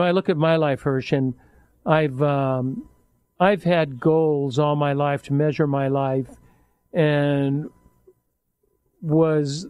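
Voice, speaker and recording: An older man with a slightly raised pitch hosts a radio talk show and chats with a guest. He talks in a halting, thoughtful way, often restarting his sentences. The sound is dry and close, with no room echo. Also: darkish tone, clear, resonant tone. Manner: halting, self-correcting, reflective. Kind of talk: casual interview chat.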